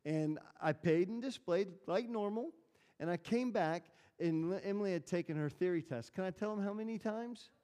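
This pastor's voice sits high and sounds warm, echoing through a church hall as he preaches. His sermon is conversational: he shares stories, chats easily, and asks the room questions.

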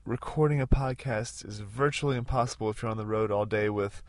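A man's voice: fairly low pitch, brisk, no echo. Casting: man in his thirties, podcast host, casual road-trip chat, dry close sound, rambling. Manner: rambling, with many fillers and restarts.

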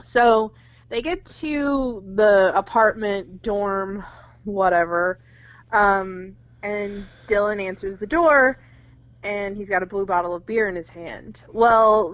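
A young woman runs through a film's plot in casual podcast chat, peppering it with "like" and little acted-out quotes. Her voice sits at a middle pitch. The sound is dull and lo-fi, close and dry. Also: no room sound. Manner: retells the plot with lots of "like" and acted quotes, swears freely. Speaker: podcast co-host. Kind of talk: casual movie recap chat.

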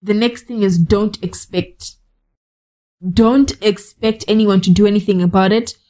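A woman's voice: medium pitch, fairly even intonation, a little slow, mellow, low-quality recording. A woman hosting a podcast, giving a direct, conversational motivational monologue with scolding asides. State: cold, shivering. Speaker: podcast host.

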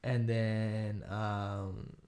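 Young male storyteller, casual, swears freely, gravelly voice. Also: lowish voice, little pitch movement, extremely slow, darkish tone. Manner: profane, laughing storyteller. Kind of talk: casual chat.

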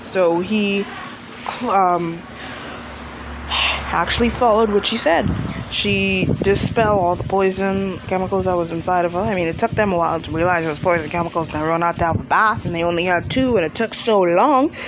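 A woman chatting casually through a TV episode recap, animated and gushing, laughing often. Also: on the low side, moderate pace. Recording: muffled with loud vehicle noise.

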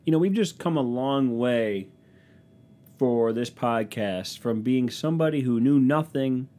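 A man's voice: mid-range voice, unhurried, warm tone. A man hosting a podcast, telling rambling, self-mocking stories in a casual, profane monologue into a microphone. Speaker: podcast host.

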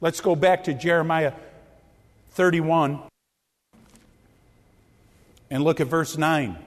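A man preaching a sermon as pastor, impassioned, swinging from near shouts down to low, quiet lines. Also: unhurried, big-room sound.

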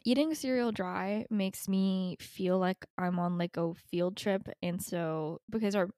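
Young woman, podcast co-host, rambling casual chat, dry close mic, middle pitch. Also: unhurried, mellow, dry recording. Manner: rambling, chatty, laughs often.

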